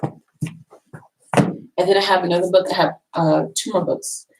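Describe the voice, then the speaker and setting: A woman's voice: lowish voice, steady tone, normal speed, darkish tone, rough recording. A woman vlogging casually from a college library, rambling and repeating herself as she shows off books. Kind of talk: casual talk showing books.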